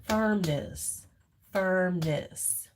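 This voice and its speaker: A woman's voice: fairly low pitch, very slow, a little hiss or hum. Blunt, joking woman livestreaming from home. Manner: blunt, joking, swears freely; coos and fusses over a toddler. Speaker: livestream host. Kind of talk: casual live chat with viewers.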